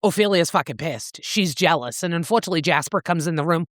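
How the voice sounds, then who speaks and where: A woman's voice: fairly low pitch, fast talker, no echo, clean studio sound. A woman co-hosting a book podcast, recapping a novel in casual chat, swearing freely as she goes. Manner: animated, swears freely, acts out characters' lines.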